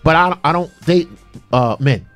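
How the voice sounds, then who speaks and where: A man's voice: a little high, normal speed, a bit bright, soft background music. A man hosting a call-in radio talk show, speaking passionately and preaching with lots of repeated emphasis.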